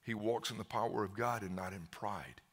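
Bright, forceful fervent preacher. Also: male voice, on the low side, brisk, husky. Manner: fervent, with repeated stammered restarts. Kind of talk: sermon.

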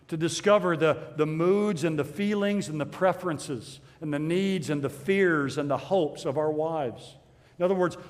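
A middle-aged man preaching a sermon in a church, earnest and measured, repeating his key phrases. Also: on the high side, big-room sound. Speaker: pastor.

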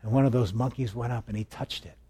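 A man works through a Bible passage in a chatty, conversational style, tossing questions to his listeners and cracking jokes. His mid-range voice is dark and slightly rough, with fairly even intonation and a quick pace.

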